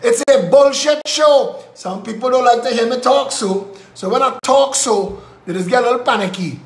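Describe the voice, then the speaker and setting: A man's voice: very high-pitched, normal speed, roomy sound. A Trinidadian man hosting a live show, delivering a combative, repetitive political commentary rant.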